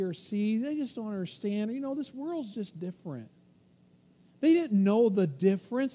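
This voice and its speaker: A man preaching a sermon in a husky, breathy voice with a dark, mellow tone. He gets emphatic and acts out little voices of temptation and conscience as he goes. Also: high voice. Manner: animated preaching, acting out inner voices. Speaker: pastor.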